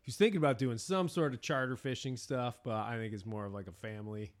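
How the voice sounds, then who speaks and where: A man's voice: mid-range voice, quick pace. A middle-aged man from New England hosting a podcast, telling stories in a rambling way with many restarts and fillers. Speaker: podcast host. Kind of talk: casual chat.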